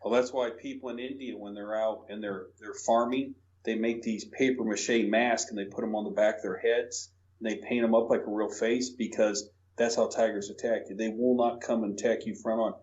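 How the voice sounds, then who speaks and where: A man's voice: fairly low pitch, fairly even intonation, normal speed, hardly any pauses, darkish tone. Playful male podcast co-host. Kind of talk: casual interview. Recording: dull lo-fi podcast audio.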